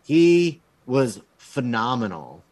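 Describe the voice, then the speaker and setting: A man talks casually on a podcast, giving a blunt, profane film review. He hesitates often, filling gaps with ums, and his voice sits at an ordinary middle pitch. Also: sing-song, slow pace, a little mellow.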